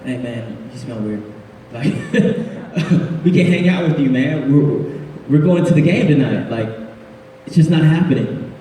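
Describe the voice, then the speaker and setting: A man voicing a dismissive young party friend in a low, quiet mumble, in an echoey hall. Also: animated, unhurried, slight background noise. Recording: echoey hall, speaker far from mic.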